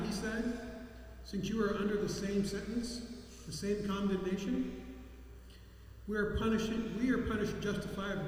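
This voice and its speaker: A man reading scripture aloud in a church service, halting and restarting now and then. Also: sits high, a little mellow, heavy reverb, long reverb tail, a little hiss or hum. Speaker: scripture reader.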